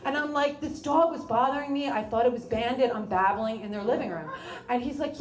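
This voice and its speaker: A woman tells a true story on stage at a live event in a bar or small venue, chatty and wry, frequently quoting herself. Her voice is fairly high and fairly quick, in an echoey room with a little hiss or hum.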